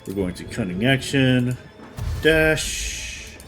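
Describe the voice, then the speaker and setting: Speaking slowly in a medium pitch with lively intonation, this man streams a role-playing game and casually talks himself through every move. Loud game music sits under his let's-play commentary.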